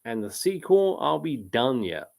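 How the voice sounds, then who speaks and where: A man hosts a live quiz stream, chatting loosely about films and answering viewers' comments. He rambles and breaks off mid-thought. His voice has a gravelly edge and an unhurried pace. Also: medium pitch, sing-song, a little mellow. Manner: rambling, self-interrupting, laughs often. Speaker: live quiz host reading chat comments. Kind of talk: casual live-stream chat.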